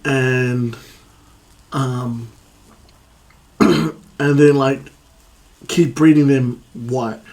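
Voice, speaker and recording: A man's voice: mid-range voice, steady tone, drawn-out words, long pauses, darkish tone. An Australian man co-hosting a podcast, talking casually in a rambling way with many hesitations. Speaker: podcast co-host. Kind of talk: casual chat.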